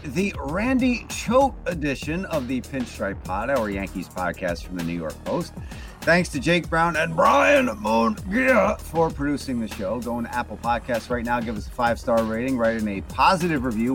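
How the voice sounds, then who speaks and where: An upbeat male podcast host thanks his guest and wraps up the show. His pitch rises and falls freely. Faint music plays beneath him. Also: animated, moderate pace, fairly bright tone. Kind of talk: podcast interview and sign-off.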